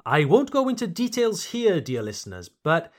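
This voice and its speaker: A man's voice: a little high, huge pitch swings, moderate pace. A man, a native English speaker, hosting a podcast pronunciation lesson, speaking carefully and repeating words for learners. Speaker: English teacher and podcast host.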